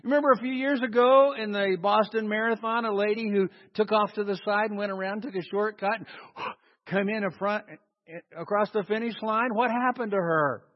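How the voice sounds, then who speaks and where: Man, pastor, high voice, emphatic sermon, calls and responses, dull recording, long hall reverb. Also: fairly even intonation, normal speed.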